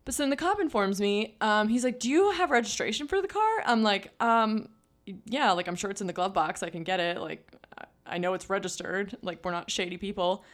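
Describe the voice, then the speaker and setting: A woman's voice: medium pitch, fairly quick. Chatty young woman telling a story. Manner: chatty storytelling with many "like" fillers. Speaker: podcast co-host. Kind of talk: casual chat.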